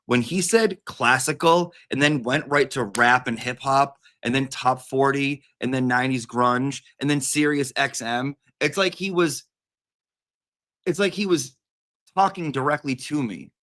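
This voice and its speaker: A man's voice: medium pitch, measured pace, a bit bright. A man chatting casually as a host, rambling and playful, and now and then calling his cat in a sing-song voice. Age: adult with a daughter. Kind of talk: casual livestream chat.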